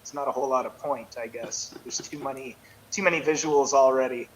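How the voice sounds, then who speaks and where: A man's voice: medium pitch, brisk, slight background noise, poor audio. A man, a guest musician, speaking in a laid-back, modest way. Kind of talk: casual interview chat.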